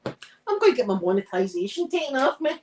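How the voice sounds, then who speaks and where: A woman's voice: a little high, very animated, brisk, darkish tone, slight background noise, poor audio. A Scottish woman chatting on a live stream while she irons, telling rambling stories and laughing often. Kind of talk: casual chat while ironing.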